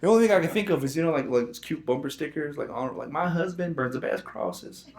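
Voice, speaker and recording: Stand-up comic, male, from the Navajo Nation; lively slangy storyteller who laughs through his bits, a bit high-pitched, live echoey club sound. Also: quick pace. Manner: animated, laughing storyteller, slangy with "dude" and "bro". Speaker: stand-up comedian. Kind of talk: stand-up comedy set. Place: comedy club stage with live audience. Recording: echoey club room with audience noise.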